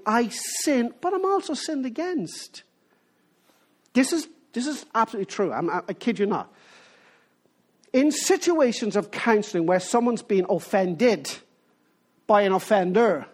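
A preacher giving a sermon in an emphatic way, often restarting phrases and putting rhetorical questions to the listeners. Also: medium pitch.

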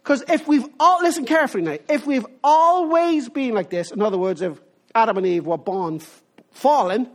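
Animated preacher with a lively voice. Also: mid-range voice, normal speed. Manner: animated, asks the listeners rhetorical questions. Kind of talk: sermon.

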